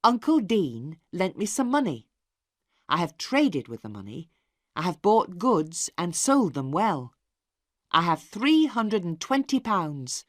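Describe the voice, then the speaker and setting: A woman's voice: fairly low pitch, sing-song, slow, no echo, studio quality, heavily acted. A woman reading an earnest young son. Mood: eager.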